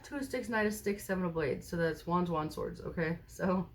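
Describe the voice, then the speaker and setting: A woman doing a casual tarot reading to camera at a table indoors, recorded on a phone mounted high overhead, chatting and often checking in with the viewer. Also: normal speed. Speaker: tarot card reader.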